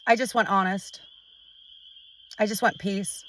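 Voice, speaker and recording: A middle-aged woman venting to a phone camera at home, frustrated and halting, restarting her sentences often. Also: mid-range voice, steady tone, distant mic, rough recording. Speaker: vlogger. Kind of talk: emotional personal vent to camera.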